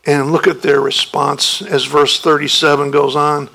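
A male pastor preaching at a slow, deliberate pace. His voice is bright and gravelly, and he turns emphatic when he acts out protests. It sounds like a sermon given from the pulpit. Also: on the high side, little pitch movement, low-quality recording. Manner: emphatic, rising sharply when voicing the disciples' protests.

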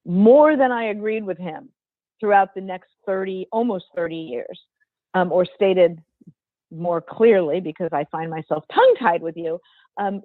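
An older woman, a former football executive, telling an interview story in a measured, emphatic way with a strong voice. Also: medium pitch, no echo. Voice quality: strong, not dainty voice. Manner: measured, emphatic, precise phrasing. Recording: tinny phone-like remote line.

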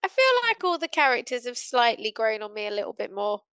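A woman's voice: a little high, sing-song, a little fast, fairly bright tone, smooth, dry recording, rough recording. A woman guest on a podcast, chatting casually and playfully acting out lines. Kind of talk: casual chat.

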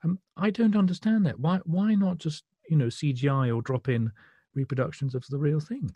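A man, a critic chatting casually with measured, wry remarks and some hesitation. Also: on the high side, mellow, dry recording, lo-fi sound. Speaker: podcast co-host, critic.

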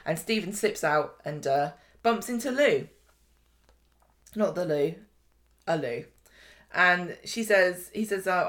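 A woman's voice: fairly low pitch, animated, slow pace, pauses often, fairly bright tone. A woman co-hosting a podcast, chattily recapping soap scenes in a casual chat. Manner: chatty, recounts scenes with quoted voices. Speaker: podcast co-host.

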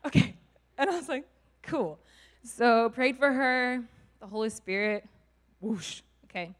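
A woman's voice: on the high side, a little slow. A young woman telling a church testimony in a bubbly, laughing storytelling way. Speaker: youth ministry leader. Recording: reverberant hall.

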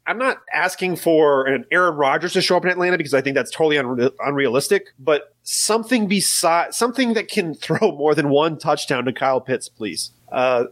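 Higher-voiced man rambling about football. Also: animated, a little fast, few pauses, a bit bright, dry recording. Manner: rambling, self-correcting, nervous laughs. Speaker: podcast co-host. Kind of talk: casual fantasy football chat.

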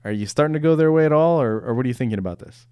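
A man's voice: medium pitch, racing, dark tone, clean tone, no echo. A man hosting a podcast, a little congested from a cough, chatting casually and eagerly about tech news. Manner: enthusiastic, geeky. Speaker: podcast host.

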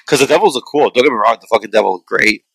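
A man in a casual chat about a film, talking in a rambling, profane, animated way. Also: medium pitch, rapid-fire, creaky, husky, no echo, low-quality recording. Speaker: podcast co-host reviewing a film.

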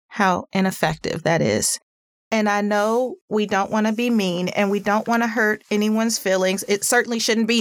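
A woman hosting a parenting talk, chatty and earnest, with a pitchy voice and plenty of "like" fillers. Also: a little slow, dry recording, clean studio sound. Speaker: parenting podcast host. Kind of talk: casual advice talk.

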